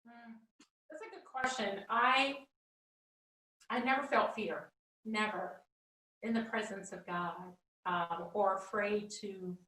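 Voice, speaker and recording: A woman guest sharing her faith testimony in conversation, an expressive storyteller who acts out dialogue. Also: medium pitch, slow, pauses often, distant mic. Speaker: guest, founder of a faith project. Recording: roomy sound, speaker away from the mic.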